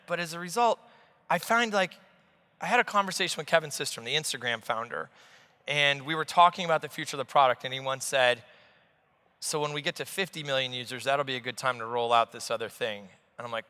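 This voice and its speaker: Man in his forties, on-stage guest, bright and forceful voice, lively storyteller, hall reverb. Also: on the high side, fairly quick. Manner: animated storyteller, swears freely. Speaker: investor guest. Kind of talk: on-stage conversation. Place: large conference hall stage.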